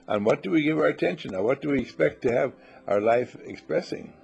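Husky, gravelly man giving a playful spiritual talk. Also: medium pitch, animated, brisk, darkish tone, dull audio, soft background music. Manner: playful storytelling, acts out little voices. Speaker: spiritual teacher. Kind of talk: inspirational talk to a small group.

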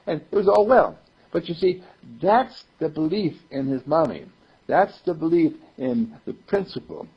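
A man's voice: on the high side, lively intonation, a little slow, husky. A man giving an informal spiritual talk to a group, playful and chuckling, repeating affirmations, on a dull lo-fi recording. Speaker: spiritual teacher.

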